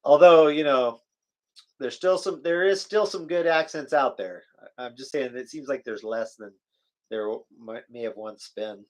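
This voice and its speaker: A man's voice: medium pitch, moderate pace. A man from the US West Coast co-hosting a casual live chat, joking and reading out viewer comments. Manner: chatty, joking, reads viewer comments aloud. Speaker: co-host of a live chat stream.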